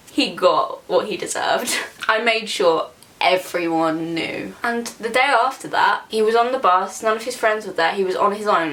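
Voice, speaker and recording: Young girl ranting a storytime vlog, loud and over the top, swears a lot. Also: mid-range voice. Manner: animated, sweary, exaggerating for comic effect. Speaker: vlogger.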